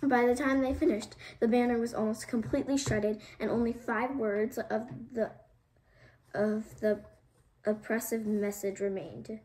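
A woman's voice: on the high side, unhurried, low-quality recording. Woman reading a chapter book aloud. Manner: expressive, with small slips and restarts. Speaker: storyteller. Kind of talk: reading a children's novel aloud.

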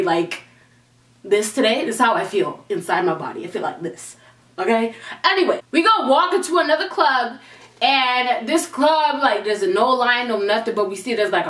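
A young woman from Canada telling a story on her vlog, brash and animated, with plenty of cursing. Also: fairly high pitch. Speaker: vlogger. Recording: roomy echo, mic far off.

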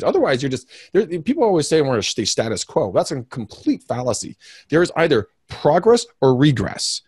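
A man being interviewed about his career, telling stories in an energetic, rambling, emphatic way with self-mocking asides. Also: medium pitch, slightly rough, no room sound, studio quality. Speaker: realtor and podcast co-host, interview guest. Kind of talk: candid interview storytelling.

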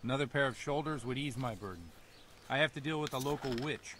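An actor playing a worried, stern village priest in a video game, speaking in an earnest, preachy way. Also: male voice, mid-range voice, fast, a crowd in the background, lightly acted. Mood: grave. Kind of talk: game character dialogue.

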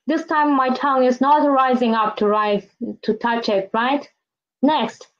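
Woman language teacher, high voice, slow patient delivery, dull lo-fi recording. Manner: slow, patient, repeats each example and checks with "right?". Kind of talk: recorded online language lesson.

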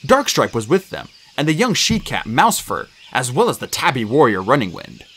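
Animated man reading a storybook. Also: medium pitch, normal speed, slightly rough. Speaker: audiobook narrator.

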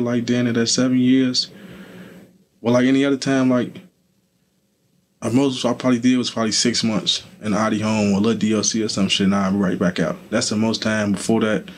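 A young adult man, a guest in an interview, talking loosely with lots of fillers. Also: mid-range voice. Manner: laid-back, loose, with many fillers like "you feel me". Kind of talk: casual street interview talk.

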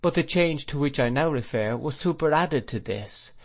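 A man's voice: a little high, expressive, normal speed. Man narrating a classic novel. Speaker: audiobook narrator. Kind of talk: scripted narration.

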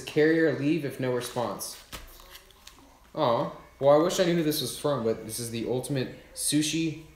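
A young man chatting on a livestream while unboxing gifts, hyped and swearing, bursting into loud exclamations. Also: mid-range voice, echoey room, a little hiss or hum. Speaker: YouTube creator livestreaming an unboxing. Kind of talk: excited livestream unboxing chat.

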